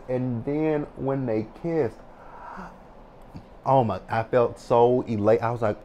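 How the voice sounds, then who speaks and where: A man in his thirties casually recapping a TV episode, animated and excitable, swearing freely. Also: medium pitch, moderate pace, slight background noise. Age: 30s. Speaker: TV recap vlogger.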